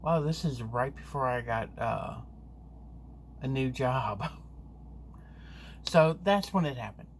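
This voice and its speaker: A woman vlogger telling a story to camera in a chatty, rambling, animated way. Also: rumbling low, takes it slowly, pauses often, a little hiss or hum.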